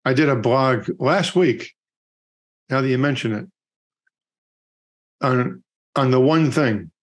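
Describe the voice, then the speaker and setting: A man's voice: medium pitch, slow. Middle-aged man telling a rambling story. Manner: rambling anecdotal storyteller with many fillers. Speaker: podcast co-host. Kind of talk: casual chat and storytelling.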